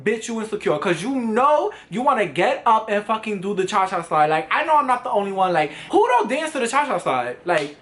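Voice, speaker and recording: Animated young man telling a story. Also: high voice, a little fast, few pauses. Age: 20s. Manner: animated, profane, dramatic, acting out other people's voices. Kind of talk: casual storytime. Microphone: camera vlog setup.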